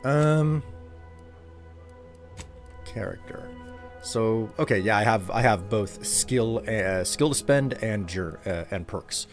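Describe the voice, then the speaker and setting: A man's voice: lowish voice, animated, slow pace, pauses often, faint music behind. A British man streaming a video game, hesitantly thinking aloud and reading game menus. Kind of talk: casual gameplay commentary.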